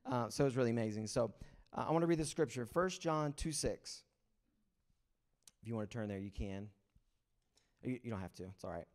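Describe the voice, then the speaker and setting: A man, a pastor and a father, preaching a casual sermon, telling stories and acting out other people's excited lines. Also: mid-range voice, fairly quick, pauses often. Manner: casual storytelling with excited acted-out quotes. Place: church sanctuary.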